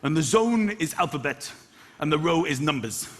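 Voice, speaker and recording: A man doing a stand-up comedy routine on stage and hosting, animated, breaking into loud acted-out voices. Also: on the high side, moderate pace. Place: comedy stage, live audience. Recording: live audience noise.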